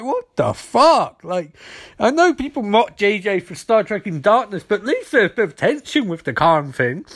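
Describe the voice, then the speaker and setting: A man's voice: sits high, no echo, studio quality. A man giving a profane, ranting movie review, poking fun at the film with mocking little voices for its characters. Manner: animated, sweary, mocking voices for quoted characters.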